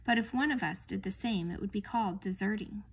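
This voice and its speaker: A woman voicing a long-serving old male sailor who speaks deferentially but bluntly, with a husky voice. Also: medium pitch, fairly quick.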